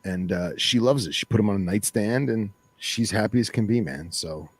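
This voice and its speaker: A man's voice: lowish voice, normal speed, husky, dry recording. A man co-hosting a podcast in laid-back, enthusiastic casual chat. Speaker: podcast co-host.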